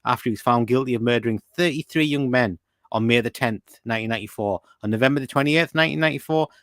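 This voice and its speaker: A man's voice: mid-range voice, fast, fairly bright tone, no room sound. British guy hosting a chatty quiz podcast, teasing his mate, very dry close sound. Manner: chatty, teasing, reads listener comments aloud. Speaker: podcast host. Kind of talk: casual chat, quiz questions.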